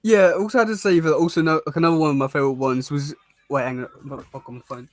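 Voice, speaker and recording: A man co-hosting a casual episode review chat, talking in halting bursts with many restarts and fillers and laughing often. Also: a little high, fairly even intonation. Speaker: podcast co-host reviewing a cartoon episode.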